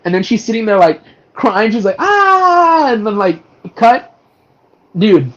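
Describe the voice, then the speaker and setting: A man's voice: high-pitched, normal speed, highs cut off. A man co-hosting a casual movie review podcast, animatedly retelling scenes with acted-out quotes and lots of fillers. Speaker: podcast co-host.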